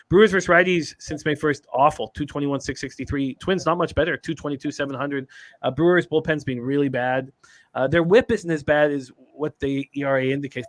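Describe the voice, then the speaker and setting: A man's voice: mid-range voice, no room sound. A man hosting a live sports betting show, reading stats and chat comments with frequent fillers.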